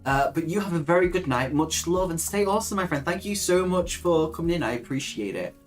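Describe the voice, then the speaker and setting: A woman's voice: lowish voice, lively intonation, fairly quick, faint music behind. A young woman hosting a casual live stream, chatting with viewers, reading their comments aloud and laughing often. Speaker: livestream host.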